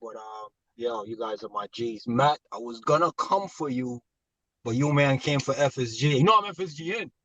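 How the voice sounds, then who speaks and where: A middle-aged man from the United States calling in to a fan show, joking and animated, talking in casual slang. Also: mid-range voice, moderate pace, no room sound. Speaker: caller. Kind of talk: casual call-in chat. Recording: distant dull call line.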